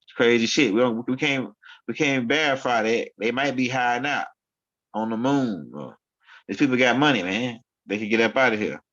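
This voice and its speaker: A man's voice: medium pitch, normal speed, a bit bright. A man hosting his own online show, rambling through casual commentary in street slang and often repeating himself. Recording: dull lo-fi sound.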